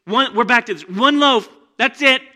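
A man playing fretful disciples, all whining and mock-sobbing in a high, bright voice. The complaints come out loud and sulky. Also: normal speed, exaggerated voice. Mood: whiny. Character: whiny, fretful disciples in a boat.

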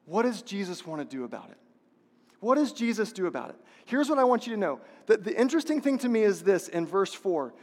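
A man's voice: high voice, big pitch swings, brisk. A man preaching a sermon as a pastor, passionate and repetitive, asking the congregation rhetorical questions. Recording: long reverb of a large hall.

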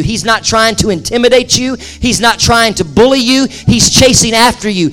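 A male pastor with a notably high voice delivers a passionate sermon to his congregation. He repeats phrases for emphasis and swings between forceful cries and quiet, intimate asides. Soft music plays faintly beneath him. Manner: impassioned, swings from loud to hushed, repeats phrases. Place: church service with live audience.

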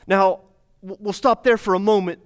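A man's voice: high voice, fairly even intonation, moderate pace, smooth. A man preaching a sermon as pastor, speaking to his congregation with repeated phrases and rhetorical questions. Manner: repetitive, rhetorical questions, addresses congregation directly.

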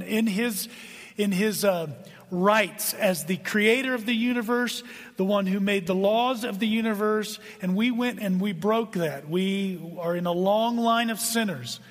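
A man with a high voice preaching a sermon. He talks earnestly, going quiet and then building to emphasis. The sound carries a long reverb from the hall. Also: measured pace. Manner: earnest preaching, swings between hushed and emphatic. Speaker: pastor.

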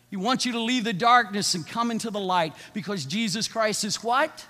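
A man preaching a sermon as pastor, swinging from loud, rapid urging to soft, slow passages. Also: sits high. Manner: building to loud, fast repeated urgings, then dropping soft and slow. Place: church sanctuary. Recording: long church reverb with soft music.

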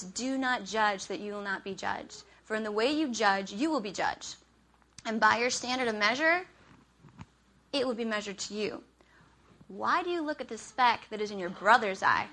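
A woman's voice: medium pitch, gravelly, a bit bright. A woman preaching a sermon in a conversational way, often checking in with "okay?" and acting out her own frustration.

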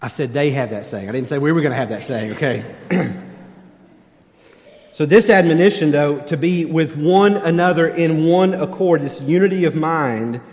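Middle-aged pastor, light tenor, chatty and wry, sermon in a church with a lingering echo. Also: male voice, fairly high pitch, normal speed, darkish tone. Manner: conversational, self-deprecating humor. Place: church sanctuary. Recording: long church hall reverb.

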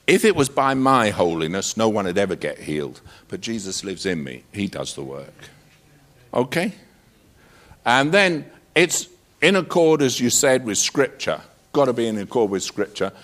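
Pastor guy telling stories in an interview, punchy short lines, pitch jumping all over. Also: fairly bright tone. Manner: emphatic, preacherly, punchy short declarations. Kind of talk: interview answer with storytelling.

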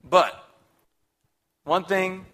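Speaking very slowly in a high-pitched, sharp voice, a young man delivers a sermon as a guest preacher. His style is upbeat and conversational, and he often checks in with the people in the pews.

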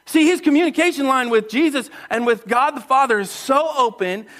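A man preaching a sermon in a church, animated and playful, acting out voices and calling on the crowd. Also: very high-pitched, a little fast. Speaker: pastor.

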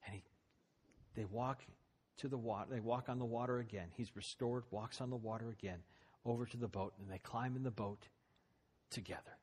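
A man's voice: medium pitch, fairly even intonation, moderate pace, a little mellow, slightly rough. A man preaching a sermon, retelling a story dramatically with voiced quotes.

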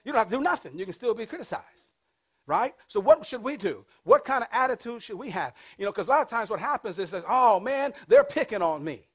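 A man in his fifties preaching a sermon as pastor, asking the congregation call-and-response questions and swinging between loud and hushed delivery. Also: sits high, big pitch swings, quick pace, slightly rough. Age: 50s.

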